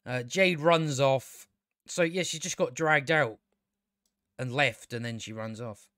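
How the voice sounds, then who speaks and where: A man's voice: mid-range voice, measured pace, sharp tone, no room sound, studio quality. A man giving a casual, sarcastic and exasperated spoken review of a TV show, swearing often.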